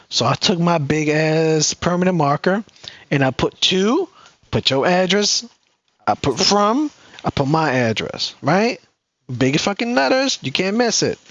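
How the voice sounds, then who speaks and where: A man's voice: sits high, no echo, dull audio. A man co-hosting a podcast, telling a story in a casual way, cursing freely and acting out what other people said. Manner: animated, profane, acts out quoted people. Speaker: podcast co-host.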